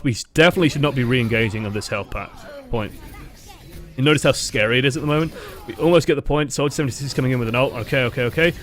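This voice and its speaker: A young man coaching over gameplay footage, talking fast and casually, swearing freely and mocking himself. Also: mid-range voice. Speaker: game coach. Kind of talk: gameplay review commentary.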